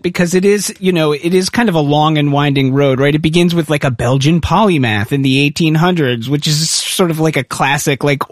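A man's voice: a little high, no echo, studio quality. A male radio host interviewing a guest live, talking conversationally and hedging with fillers.

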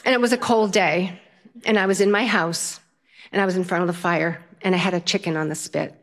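An older woman telling a personal story to an audience, with an animated, playful delivery and frequent laughter. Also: lowish voice, fairly quick.

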